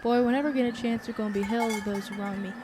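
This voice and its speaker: A woman's voice: fairly high pitch, steady tone, rapid-fire, darkish tone, slight background noise, lightly acted. A woman voicing a bitter, cursing old man down on his luck, with a put-on Southern accent and a grumbling, vengeful drawl.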